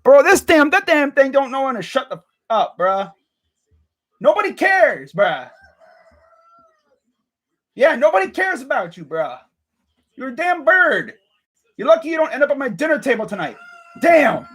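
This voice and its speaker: A man's voice: extremely high pitch, moderate pace, long pauses. A young man vlogging as a sports fan, ranting casually and swearing a lot. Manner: animated, ranting, swears and says bruh a lot.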